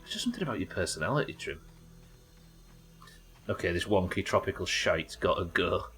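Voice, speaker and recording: A man's voice: deep voice, lively intonation, fast, a bit bright, husky, faint music behind. A young British man streaming a game live, chatting casually, laughing often and swearing freely. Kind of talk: casual live gameplay chat.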